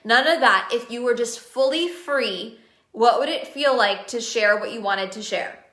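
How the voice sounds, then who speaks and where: A woman's voice: on the high side, measured pace, a bit bright. A woman business coach talking live to viewers, eager and repeating words for emphasis while asking them questions. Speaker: business coach running masterminds. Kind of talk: live-stream coaching talk. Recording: roomy echo.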